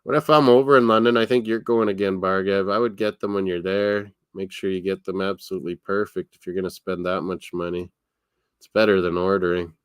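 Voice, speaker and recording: Man, low voice, smooth and clear, dry close sound, rambling casual live-stream chat. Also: steady tone, a little fast, no room sound. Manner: rambling, chatty, laughs often. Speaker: watchalong host.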